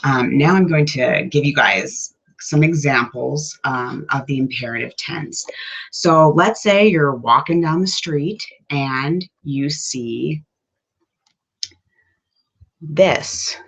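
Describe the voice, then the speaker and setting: A woman teaching an English lesson to learners, explaining slowly and patiently, with frequent ums. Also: deep voice, slightly rough. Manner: slow, patient, with many ums. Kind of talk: classroom lesson.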